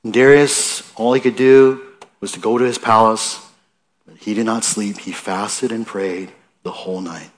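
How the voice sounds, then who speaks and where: A man's voice: fairly low pitch, fairly even intonation, moderate pace. A man preaching a sermon in a conversational way, asking his listeners questions and reading scripture aloud with rising emphasis. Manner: conversational, asks the listeners questions, restarts often.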